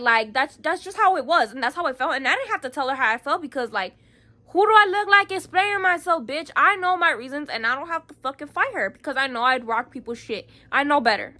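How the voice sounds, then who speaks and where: Fired-up young woman, high bright voice. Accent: Chicago. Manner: heated, profane, lots of "like" fillers. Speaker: vlogger. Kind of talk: casual storytime vlog.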